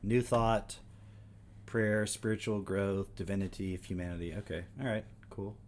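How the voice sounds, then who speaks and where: A man's voice: on the low side, flat delivery, moderate pace, slight background noise. A man hosting a live stream who reacts to a video with crude, joking asides in a casual tone. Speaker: streamer host.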